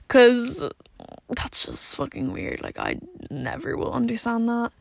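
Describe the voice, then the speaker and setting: Sitting in a parked car, a young woman vlogger rants casually to camera in a blunt, exasperated way. Her fairly high, creaky, fairly bright voice has lively intonation, and she swears a lot and fills every pause with "like." The recording is dry.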